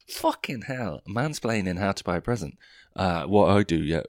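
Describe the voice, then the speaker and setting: A man's voice: low voice, lively intonation, brisk, dry recording. A young man, hosting a podcast with a profane, self-mocking, rambling comic monologue full of tangents. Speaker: podcast host. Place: London.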